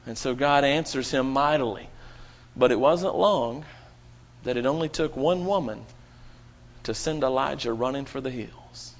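A man's voice: medium pitch, a little slow, lo-fi sound. A man preaching a sermon to his congregation, with dramatic rising and falling emphasis.

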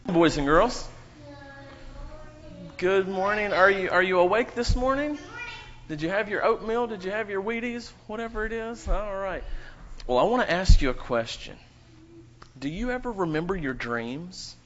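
A man's voice: high voice, animated, moderate pace, long pauses, fairly bright tone, lo-fi sound, a little hiss or hum. A man serving as pastor in a church, leading a prayer and then telling a children's story with playful questions to the kids. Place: church sanctuary.

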